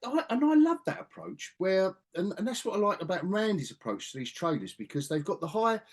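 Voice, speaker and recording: A man hosting a casual podcast chat, animated and joking, swearing freely. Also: sits high, fairly quick. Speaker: podcast host.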